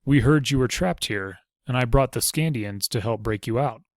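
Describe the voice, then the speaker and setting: A man voicing a spirited, quick-witted young woman who speaks briskly and with a sharp tongue. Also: mid-range voice, no echo, studio quality, close to an everyday voice. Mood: lively.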